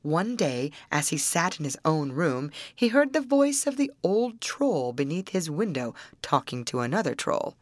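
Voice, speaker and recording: A woman reads a fairy tale aloud in a lower register, her voice moving a lot in pitch as she tells the story. The sound is dry and close, with no room around it. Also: measured pace, few pauses, no echo. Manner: expressive, acting out the characters in raised voices.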